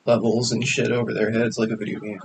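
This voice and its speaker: A man's voice: lowish voice, level tone, fast talker, a little hiss or hum, low-quality recording. A man co-hosting a casual podcast, telling rambling stories with lots of swearing and filler. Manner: rambling, profane, storytelling. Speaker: podcast co-host. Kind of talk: casual chat.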